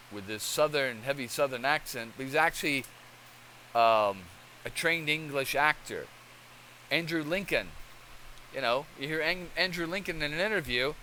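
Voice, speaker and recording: A man delivering rambling, conversational commentary as a channel host. His voice has a bright, slightly strained edge, and a faint hiss runs underneath. He often pauses to check in with the listener. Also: medium pitch, low-quality recording. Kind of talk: casual commentary.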